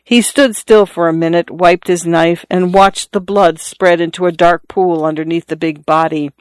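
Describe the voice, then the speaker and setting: Measured audiobook narrator, dry sound. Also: mid-range voice, clean tone, dry recording. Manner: measured, even storytelling. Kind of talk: audiobook reading.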